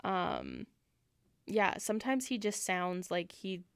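Young canadian woman gabbing about books, smooth clear voice, dry close sound. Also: mid-range voice, lively intonation, takes it slowly, no room sound. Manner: chatty, laughs often, many fillers. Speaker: book podcast co-host. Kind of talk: casual chat.

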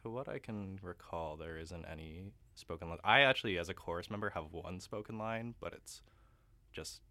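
Young male guest, very low pitch, forceful bright tone, dry close sound; chatty, quick to laugh. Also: dry recording. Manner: chatty, laughs often, many fillers. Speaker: guest opera singer. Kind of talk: casual radio interview.

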